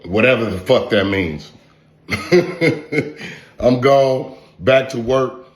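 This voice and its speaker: Guy ranting on his channel, cussing and taunting over and over, echoey room, mid-pitched voice. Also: a little slow. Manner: profane, taunting, repetitive insults. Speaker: online content creator. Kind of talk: confrontational vlog rant. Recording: roomy echo.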